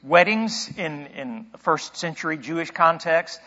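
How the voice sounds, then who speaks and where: A pastor preaching a sermon in a conversational way, asking rhetorical questions and thinking aloud. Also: male voice, a little high, lively intonation, a little slow, sharp tone, big-room sound, lo-fi sound.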